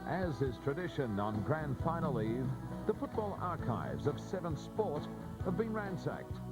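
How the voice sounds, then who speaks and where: A man's voice: on the high side, very animated, unhurried, over loud music. A man giving a scripted, grandiloquent TV introduction full of alliteration. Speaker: announcer.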